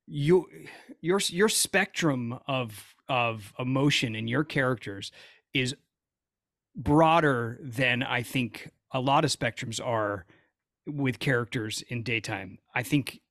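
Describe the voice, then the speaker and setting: A man hosting a podcast who talks thoughtfully and haltingly, searching for his words. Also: medium pitch, a bit bright, dry recording, clean studio sound. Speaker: podcast host. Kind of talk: casual podcast interview.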